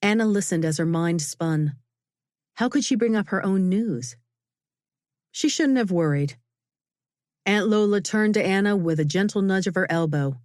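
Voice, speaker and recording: A woman narrating a novel in a measured, expressive reading. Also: medium pitch, no echo. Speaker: audiobook narrator. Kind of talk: scripted narration. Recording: dry, close studio sound.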